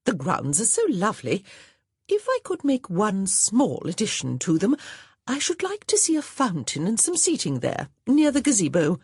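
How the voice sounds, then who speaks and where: A woman voicing a nosy society matron who trills loudly and gushes. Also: medium pitch, huge pitch swings, normal speed, slightly rough, no room sound, clean studio sound, voice pushed up, full character voice. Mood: gushing. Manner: trilling and loud.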